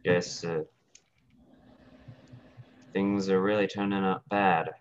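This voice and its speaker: A gloomy, dry-humored male fighter, played by a man in a tabletop game whose accent keeps sliding toward Australian. His voice sits very deep, and the sound is muffled and lo-fi. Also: level tone, slow, clean tone. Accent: slipping into an Australian accent. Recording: muffled call audio with faint noise.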